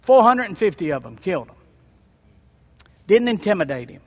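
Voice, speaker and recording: Male preacher, high pitch, scripture reading with lively commentary, long reverb from the hall. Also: moderate pace. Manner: reads scripture aloud, breaking in with lively asides.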